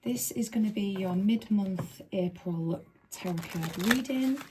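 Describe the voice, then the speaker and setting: A woman's voice: medium pitch, measured pace, noisy background. A woman giving a casual, chatty tarot reading to camera, talking informally and letting the odd swear word slip. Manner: chatty and informal, with a few stray swear words. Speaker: tarot reader.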